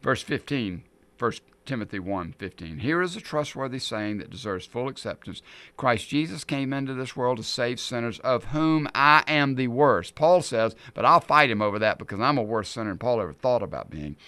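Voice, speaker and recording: Emphatic male pastor, lively bright voice. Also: medium pitch, moderate pace, dry recording. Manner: emphatic, swings between loud stresses and quiet asides. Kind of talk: sermon.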